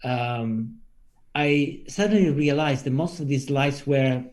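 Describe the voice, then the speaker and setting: A man with an Italian accent, a physician and researcher answering interview questions, slow and deliberate, searching for words. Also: medium pitch, darkish tone. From Italy.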